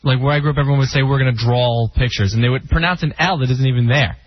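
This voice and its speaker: A man's voice: medium pitch, rapid-fire. A man calling in to a radio show, explaining plainly. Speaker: caller. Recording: distant echoey phone line on radio.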